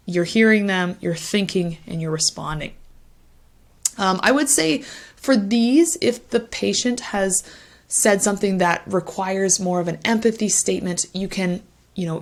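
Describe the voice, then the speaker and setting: A young woman teaching test-speaking skills in an online lesson, demonstrating short listening phrases with varied intonation. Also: medium pitch.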